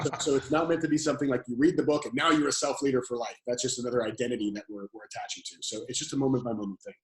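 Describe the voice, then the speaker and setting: Calm coaching man in an echoey room. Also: medium pitch, rapid-fire, few pauses. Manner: calm, coaching, repeats key phrases. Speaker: guest coach and author. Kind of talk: podcast interview.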